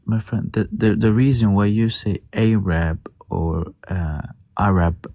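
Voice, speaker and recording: Low-voiced hesitant man from Djibouti. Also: slow, gravelly, no echo, lo-fi sound. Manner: patient, hesitant, many fillers and restarts. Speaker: guest on a live stream. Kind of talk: casual debate.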